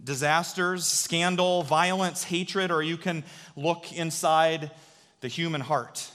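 A man telling a childhood story as part of a sermon, animated, dropping to a hush for quoted voices. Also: a little high, takes it slowly. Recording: long hall reverb.

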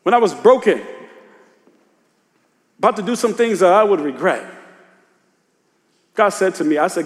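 A man preaching a sermon in loose, casual speech, dropping to a hush and rising to shouts. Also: sits high, expressive, normal speed, pauses often. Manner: swings from hushed confession to shouted exhortation; informal Southern-tinged preacher speech, "y'all" and "ain't". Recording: long hall reverb.

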